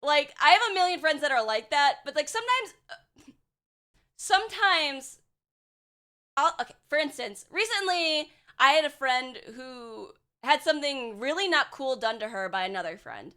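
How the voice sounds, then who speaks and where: A woman's voice: high voice, animated, moderate pace, sharp tone. A young woman streaming as a VTuber, chatting casually and bluntly with her chat, swearing and sarcastic, full of filler words.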